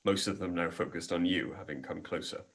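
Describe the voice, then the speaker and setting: Deep-voiced man narrating as game master. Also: gravelly, fairly bright tone, poor audio. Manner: measured, descriptive narration with frequent ums.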